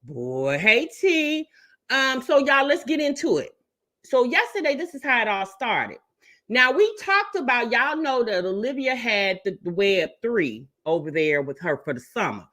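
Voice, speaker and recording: A woman's voice: fairly high pitch, pushed and bright. A woman hosting a casual livestream commentary, sassy, calling listeners baby and honey while greeting the chat.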